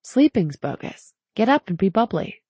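A woman's voice: medium pitch, sing-song, normal speed, dark tone, breathy edge, dry recording, voice pushed up. A woman voicing a playful teenage girl who coaxes and teases sweetly. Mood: teasing. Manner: coaxing, sweet.

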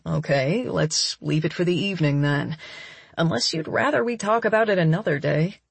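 A woman narrator voicing a confident, generous man who teases and insists calmly, her voice a little lower than her own. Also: moderate pace, vocal fry, breathy edge, dry recording, full character voice. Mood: teasing.

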